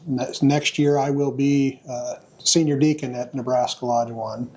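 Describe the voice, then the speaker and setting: A man of middle pitch talks casually as a podcast guest. He hesitates often and restarts his sentences as he gathers his thoughts. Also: steady tone, a little slow, a little mellow. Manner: hesitant, with many fillers and restarts. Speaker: podcast guest, new Mason. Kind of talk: casual chat.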